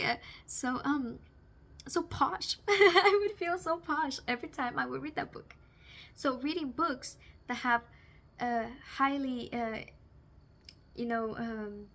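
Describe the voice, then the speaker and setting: A woman's voice: a little high, a little slow, fairly bright tone. A young woman talking casually to camera as a vlogger, chatty and giggly, often searching for the right word. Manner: chatty, giggly, gropes for words.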